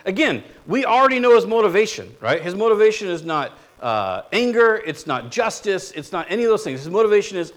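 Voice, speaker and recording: A man pastor giving a conversational sermon, asking the congregation rhetorical questions and getting animated when he makes a point. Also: high voice, brisk.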